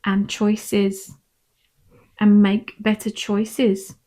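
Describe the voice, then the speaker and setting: A woman, a tarot reader and medium, gently and reassuringly talking viewers through a pick-a-pile reading. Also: medium pitch, monotone. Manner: gentle, reassuring, unhurried, with frequent "um" and "I'm feeling".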